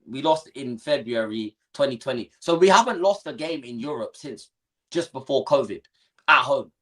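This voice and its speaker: Animated young man in football banter. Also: medium pitch, moderate pace. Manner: animated, slangy, rattled by rival fans. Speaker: co-host of a football watchalong.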